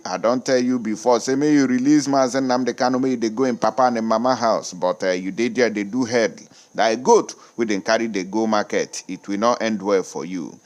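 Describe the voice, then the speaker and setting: Nigerian male host, animated commentary voice in Pidgin-flavored English, middle pitch. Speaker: news commentator. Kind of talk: casual news commentary.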